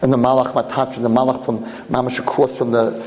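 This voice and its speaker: A male lecturer telling a story in a sermon, animated and acting out its characters. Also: mid-range voice, quick pace. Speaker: Torah lecturer. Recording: long hall reverb.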